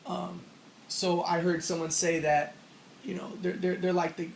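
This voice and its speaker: A man's voice: high-pitched, little pitch movement, measured pace, creaky, a little hiss or hum, low-quality recording. A man giving a casual spoken lecture on religion, rambling as he explains and acting out the lines he quotes.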